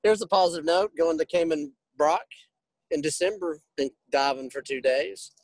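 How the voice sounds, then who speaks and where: A man speaks as a guest on a casual podcast in a relaxed way and often pauses with "uh." His voice is a bit high, and the recording is dry and close. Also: no room sound, poor audio. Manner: relaxed, with many hesitant "uh"s.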